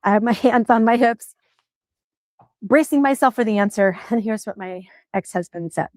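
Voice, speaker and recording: A woman's voice: fairly high pitch, moderate pace, darkish tone, dry recording. Earnest woman in her forties telling a story. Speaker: storyteller in a played clip. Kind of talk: personal story told to camera.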